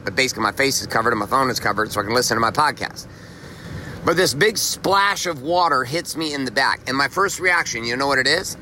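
Bright-voiced motivational podcast man. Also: medium pitch, slight background noise. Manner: emphatic, profane, repeats phrases for effect. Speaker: podcast host. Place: outdoors walking in the rain.

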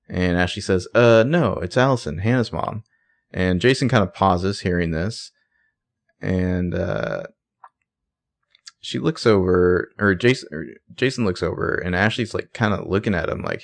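A man's voice: sits low, moderate pace, gravelly. A man co-hosting a podcast, casually retelling a TV scene, with sarcastic asides and frequent swearing. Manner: sarcastic, swears freely, narrates scenes with quoted lines. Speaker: podcast co-host recapping a TV episode. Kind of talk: casual chat.

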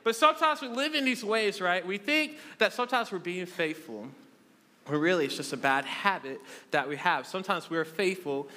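Young male preacher, twenties, high bright voice, playful self-mocking storyteller, large reverberant hall. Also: expressive, moderate pace. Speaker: youth preacher. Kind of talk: humorous sermon to a live congregation.

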